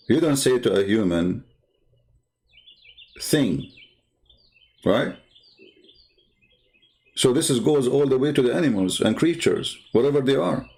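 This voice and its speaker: A man's voice: medium pitch, darkish tone. Sarcastic man in broken English. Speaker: online show host. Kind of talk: commentary on a played clip.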